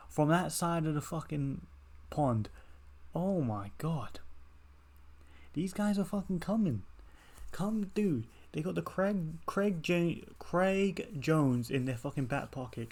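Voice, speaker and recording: A young man talks through fight results in a relaxed, meandering way. He swears constantly and keeps circling back to his points. His voice sits at an everyday middle pitch. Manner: rambling, laid-back, heavy swearing. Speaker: MMA reaction channel host. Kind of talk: casual fight breakdown.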